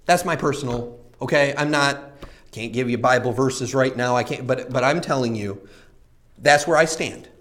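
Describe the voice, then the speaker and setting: A man's voice: medium pitch, moderate pace, fairly bright tone. A man preaching a sermon, telling a personal story with earnest repetition and frequent rhetorical questions.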